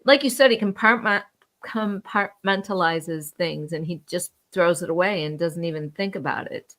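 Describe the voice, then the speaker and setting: A woman co-hosting a casual podcast, speaking emphatically and repeating words as she makes her point. Her voice sits a little low for a woman. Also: normal speed, a bit bright. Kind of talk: casual chat.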